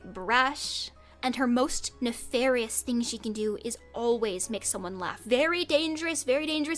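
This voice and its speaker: A woman's voice: fairly high pitch, fairly bright tone. A woman performing a mock-dramatic comedy skit as a streamer, theatrical and giggly. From United States.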